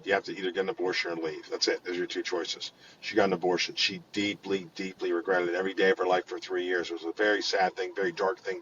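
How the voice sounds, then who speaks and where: A man guest telling long stories in an interview, animated and full of restarts and repeated words. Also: lowish voice, muffled recording, slight background noise. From Pittsburgh area. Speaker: guest, financial firm head. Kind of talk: conversational storytelling in an interview.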